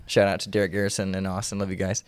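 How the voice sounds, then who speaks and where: A man's voice: sits low, completely flat delivery, racing, clean tone, dry recording, clean studio sound. A young man from Indiana, a guest musician, telling a story in a casual, laid-back way with many fillers. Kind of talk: casual interview chat.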